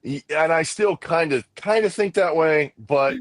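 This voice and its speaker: Guy podcast cohost, rambling excited story, dry close sound. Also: fairly high pitch, measured pace, dry recording. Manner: rambling, excited anecdote with quoted dialogue. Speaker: podcast co-host. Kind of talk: casual chat, animated storytelling.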